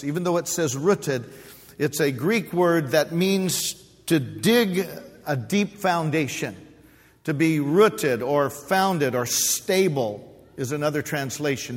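A man's voice: on the high side, in a large hall. A male pastor preaching a sermon at a pulpit microphone, explaining scripture and asking his congregation rhetorical questions. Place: church sanctuary.

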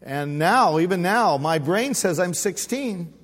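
A man's voice: sits high, animated, measured pace. Folksy older male pastor, reverberant church. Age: 60s. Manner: folksy, humorous storytelling with call-and-response. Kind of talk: sermon. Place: church sanctuary.

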